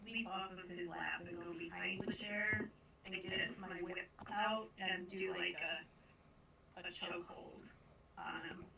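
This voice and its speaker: A woman's voice: on the low side, steady tone, measured pace. A woman playing a tabletop game, describing her character's moves and sometimes dropping to a whisper. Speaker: player. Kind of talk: tabletop role-play chat. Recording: distant mic with clear background noise.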